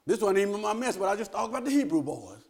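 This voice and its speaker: A man preaching a folksy, animated sermon. He laughs often and swings between loud and hushed. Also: high voice, very fast.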